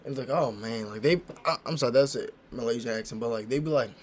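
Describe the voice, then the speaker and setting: A man's voice: medium pitch, quick pace, a little hiss or hum. A man hosting a reaction video, commenting in an emphatic, slangy, profane way. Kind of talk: casual commentary.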